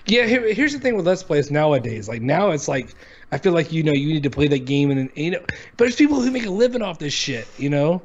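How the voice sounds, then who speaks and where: A podcast co-host in his thirties speaks in an animated, fairly quick, high-side voice on a casual chat show. He's blunt and dismissive and swears a lot, and the audio is dull and lo-fi.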